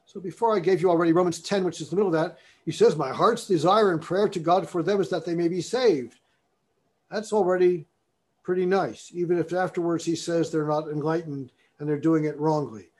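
A man lecturing in a classroom, his voice sitting a little higher than most men's. He talks in a discursive way, circling back on his points, and now and then he reads passages aloud with stress on the key words. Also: fairly even intonation, brisk, darkish tone. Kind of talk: university lecture.

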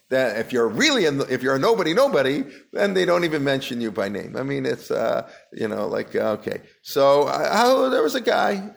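A man's voice: mid-range voice, vocal fry. A man teaching a Talmud class, chanting Aramaic passages and then explaining them in casual English, asking the class questions and often restarting his sentences. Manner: conversational, asks the class questions.

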